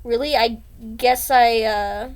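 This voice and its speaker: A woman's voice: on the high side, steady tone, slow pace, smooth. A woman voicing a sweet, shy young female dinosaur from a childhood comic, bashful and breathless.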